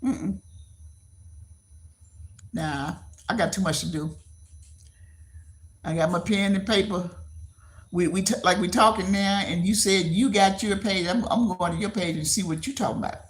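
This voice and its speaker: A woman's voice: medium pitch, normal speed, long pauses. A woman in her seventies talking bluntly to viewers on a casual livestream, often repeating herself. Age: 70s. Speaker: livestream host.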